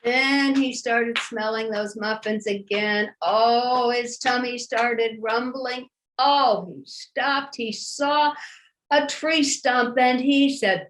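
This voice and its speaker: A woman tells a children's folk tale in a high, lively voice, taking her time over each line. She talks straight to her young listeners and draws them in. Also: slow. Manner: animated, sing-song, addresses listeners. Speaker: storyteller. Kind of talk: storytelling for children.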